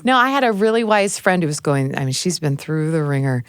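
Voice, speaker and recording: Brief: female talk show host, middle-aged, lower pitch, dry studio sound, frank storyteller. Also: animated, brisk, clean tone, dry recording. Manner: candid, laughs easily, storytelling. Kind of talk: casual podcast conversation.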